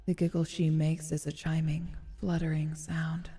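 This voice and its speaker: A woman streamer reads a story game's narration aloud in a measured, expressive way. Her voice is fairly low and mellow. Faint music plays behind her. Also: husky, long reverb tail. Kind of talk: reading game narration aloud with casual asides.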